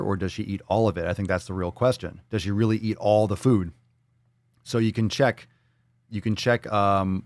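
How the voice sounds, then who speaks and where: A man's voice: on the low side, darkish tone, dry recording. A man hosting a live fitness show, reading viewer comments and ranting with heavy profanity and sarcasm.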